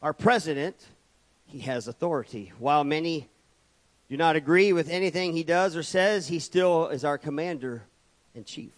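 High-voiced preacher man. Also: moderate pace. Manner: preaching with rhetorical repetition and calls of amen. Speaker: pastor. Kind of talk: sermon. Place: church.

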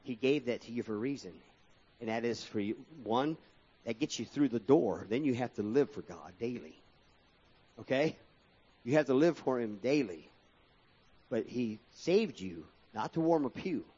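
Preaching pastor, lo-fi church recording. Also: male voice, mid-range voice, expressive, normal speed, dark tone, husky. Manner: preaching with rising and falling emphasis, addressing the congregation as folks. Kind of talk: sermon.

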